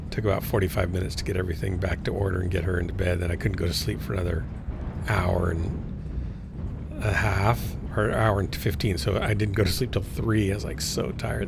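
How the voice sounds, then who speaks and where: A man's voice: sits low, gravelly, noisy background. A middle-aged man livestreaming a game, chatting in a rambling, casual way with his teammates on voice chat. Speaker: streamer.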